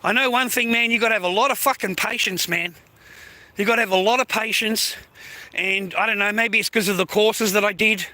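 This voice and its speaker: Aussie bloke ranting on a live, swears nonstop, high bright voice, really cranky. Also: male voice, steady tone, a little fast. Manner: angry, heavy swearing, blunt. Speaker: livestreamer. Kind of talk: profane live-stream rant.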